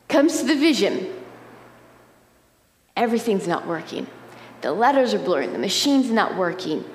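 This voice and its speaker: A woman giving a sermon, telling a personal story in a conversational, animated way, often checking in with the listeners. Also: fairly high pitch, a little hiss or hum. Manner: conversational, animated storytelling with frequent "right?" asides. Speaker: preacher. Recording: roomy hall reverb, faint ambience.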